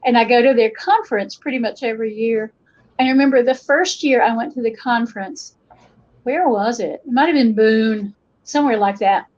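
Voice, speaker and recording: Middle-aged Appalachian woman, folklorist guest, raised pitch, lo-fi recording, animated storyteller. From western North Carolina. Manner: animated, acts out quoted voices, frequent restarts. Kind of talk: conversational interview storytelling.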